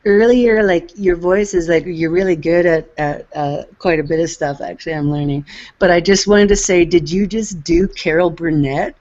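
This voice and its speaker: A woman's voice: on the low side, moderate pace, darkish tone. Rambling, effusive woman. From Canada. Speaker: chat participant. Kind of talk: casual voice chat. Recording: lo-fi online voice chat.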